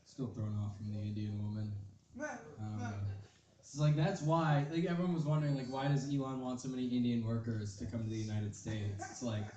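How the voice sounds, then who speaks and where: A young man doing a stand-up set, rambling, self-deprecating and deadpan. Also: mid-range voice, a little fast, highs cut off. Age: young adult. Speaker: stand-up comedian. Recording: echoey club from far off. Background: crowd noise.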